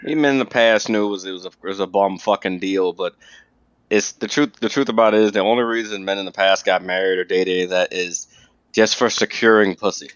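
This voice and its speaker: A man with a low, smooth, resonant voice tells a crude family anecdote in easy conversational chat. The recording is dry and a little dull, like a lo-fi podcast mic. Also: fairly even intonation, fairly quick, a bit bright, dry recording. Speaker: podcast co-host. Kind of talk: casual storytelling chat.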